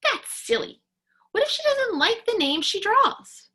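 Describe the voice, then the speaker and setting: A woman's voice: high-pitched, very animated, a little slow, bright, forceful tone, pitched above the performer's own voice, full character voice. A woman voicing an eager schoolboy in a read-aloud storybook, exclaiming his lines. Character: excitable schoolboy classmate.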